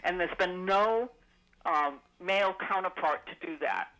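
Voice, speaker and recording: A woman's voice: lowish voice, unhurried, a bit bright, low-quality recording. A woman calling in to a radio show, chatting at length about trivia with frequent ums. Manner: chatty, rambling trivia recall with many ums. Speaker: caller. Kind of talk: call-in radio chat.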